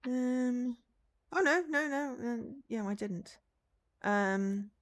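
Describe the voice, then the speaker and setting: A woman's voice: a little high, slow pace, a bit bright. A woman game streamer chatting casually with her viewers, rambling with lots of fillers and easy laughs. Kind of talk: casual gameplay chat.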